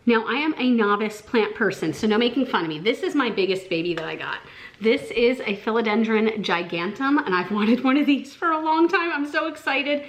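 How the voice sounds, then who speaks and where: A female vlogger with a Southern American accent chats casually, gushing and excitable and full of fillers. Her voice is on the high side and a little fast.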